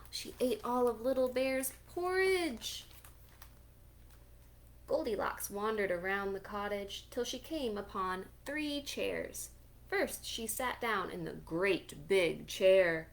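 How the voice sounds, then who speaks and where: A woman librarian reading a picture book aloud for children at storytime, animated, gasping and asking listeners questions. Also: on the high side.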